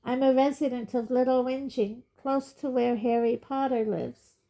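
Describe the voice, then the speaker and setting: A woman's voice: high-pitched, moderate pace, dark tone, voice pushed up. Woman doing a quavery, flustered old lady. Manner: gabbling, flustered. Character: nervous elderly woman, batty and flustered.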